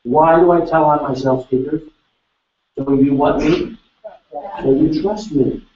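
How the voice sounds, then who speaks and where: A man leading a live seminar, energetically quizzing the audience with quick questions. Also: fairly high pitch, steady tone, warm tone, slight background noise. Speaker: seminar speaker. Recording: echoey hall, distant mic, dull sound.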